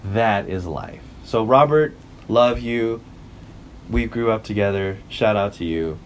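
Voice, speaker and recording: A man's voice: lowish voice, animated, takes it slowly, slight background noise. A young man co-hosting a podcast, telling stories in a loose, rambling way with swearing and self-corrections. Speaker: podcast co-host. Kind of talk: casual chat.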